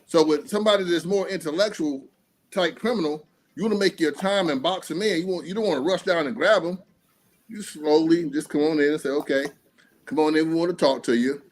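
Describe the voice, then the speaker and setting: A man hosting a casual streamed talk show, speaking in an animated, profane way and acting out quotes. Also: on the high side, brisk. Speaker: podcast host.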